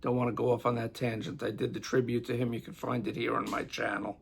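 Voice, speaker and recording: A man's voice: mid-range voice, level tone, fast talker, creaky, slight background noise. A middle-aged man from New York with a New York accent, chatting in a rambling, reminiscing way as a music vlogger paying tribute. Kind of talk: casual tribute monologue.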